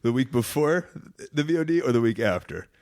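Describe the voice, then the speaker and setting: Male podcast host, mid-pitch, loose and chatty, quick to laugh. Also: very animated, darkish tone. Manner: laughs often, loose rambling restarts. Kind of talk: casual podcast chat.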